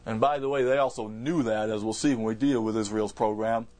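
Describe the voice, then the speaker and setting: A man's voice: lowish voice, fairly even intonation, brisk, darkish tone. A man preaching a verse-by-verse Bible sermon in an emphatic way, repeating words and restarting phrases as he explains.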